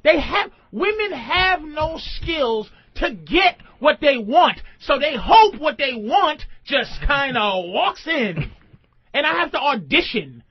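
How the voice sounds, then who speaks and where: A man hosting a radio talk show rants loudly, with crude, argumentative energy. His pitch leaps and dips in a very lively way. The recording sounds dull and lo-fi. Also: slow pace. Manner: loud, profane, argumentative ranting. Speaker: host.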